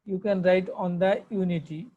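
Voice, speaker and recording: A woman's voice: lowish voice, fairly even intonation, moderate pace, phone-quality sound. A woman with a Bangladeshi accent, giving an online English grammar lesson, who repeats herself and spells words out letter by letter. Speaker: English teacher.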